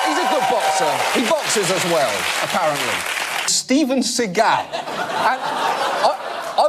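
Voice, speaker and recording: A man's voice: high-pitched, very noisy. A man hosting a comedy show, delivering a sarcastic, mock-outraged monologue to a live audience. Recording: loud studio audience laughter. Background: studio audience laughing.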